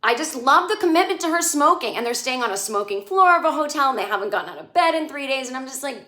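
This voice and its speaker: A woman's voice: high voice, lively intonation, fast talker, hardly any pauses, pushed and bright. A middle-aged woman giving a comedic recap of a TV episode, sarcastic and ranting, often mocking the characters' lines. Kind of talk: casual comedic monologue. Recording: echoey room.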